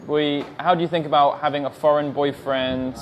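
A man's voice: fairly high pitch, steady tone, moderate pace, a little hiss or hum. English man answering livestream questions. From England. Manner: friendly, reads out questions then answers them plainly. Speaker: English teacher. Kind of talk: livestream Q&A reading viewer comments.

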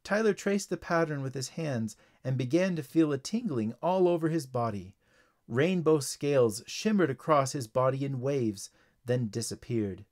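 A man reading a children's story aloud as narrator, clear and even. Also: medium pitch, normal speed.

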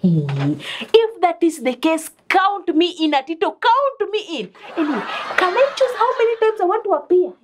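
A woman's voice: very high voice, very animated, normal speed, few pauses, noisy background. An actress playing a sarcastic, money-minded young woman.

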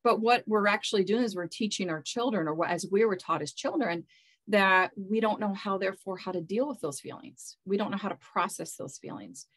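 A woman's voice: mid-range voice, a little fast, a bit bright, rough recording. A woman speaking as a spiritual mentor in an interview, earnest and loose, often repeating words as she searches for how to put things. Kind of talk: casual interview talk.

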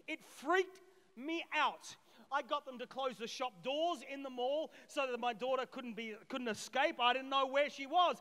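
In a church auditorium with long hall reverb, a middle-aged pastor with a very high voice preaches a lively sermon at a moderate pace. He swings between loud shouted peaks and quiet asides, acting out voices from the story.

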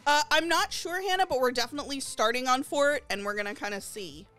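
A woman streaming a game live, chatting to her viewers and gushing excitedly over new items. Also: high-pitched, a little fast. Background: faint game lobby music.

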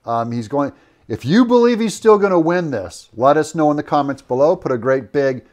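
A man's voice: a little high, lively intonation, normal speed, darkish tone. A man giving opinionated political commentary, rambling with fillers and self-corrections. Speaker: political commentator in a played clip.

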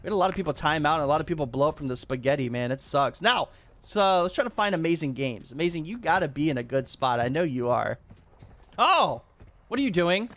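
Excitable high-voiced male gamer. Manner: excitable, quick swings to loud disbelief. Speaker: YouTube gaming host. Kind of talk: gameplay commentary.

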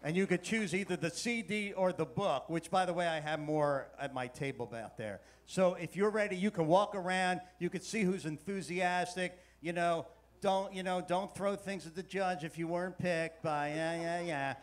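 A man's voice: sits high, moderate pace. A man giving a keynote talk to a live audience, playfully coaxing them to join in. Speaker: keynote speaker. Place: conference hall with a live audience.

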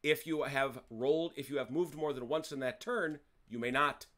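This wargame host speaks in a mid-range, fairly bright voice at a moderate pace. He talks his players through the rules informally, often backtracking mid-sentence to correct himself and dropping wry jokes along the way.

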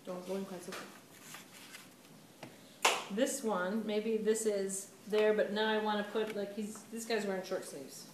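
A woman's voice: medium pitch, fairly even intonation, unhurried, pauses often. A woman art teacher giving a casual, chatty clay demonstration to a class, laughing at her own mistakes. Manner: chatty, self-deprecating, laughs often. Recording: roomy, distant camera mic with background noise.

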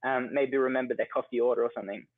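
A man's voice: medium pitch, fairly even intonation, rapid-fire, no room sound. Chatty Australian man, tinny phone-like sound. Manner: chatty, many fillers like "like" and "you know". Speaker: guest, coffee entrepreneur. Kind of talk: casual interview storytelling. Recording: dry phone-like audio.

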